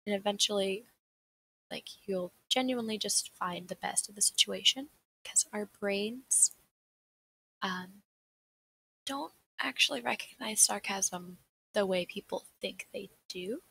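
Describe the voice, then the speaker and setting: A young woman with a Southern American accent presents a seminar on a livestream, chatty and rambling and laughing often. Her medium-pitched voice is unhurried, gravelly, pushed and bright with a breathy edge. The desk mic gives poor audio.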